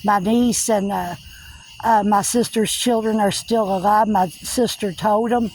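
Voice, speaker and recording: A woman's voice: mid-range voice, steady tone, a little slow, a little mellow, slight background noise, poor audio. A woman tells a personal spiritual testimony in a plain, earnest voice. She works through it step by step, coming back again and again to what she said and what others said. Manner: earnest, repetitive retelling with many "I said" tags. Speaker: faith testimony vlogger.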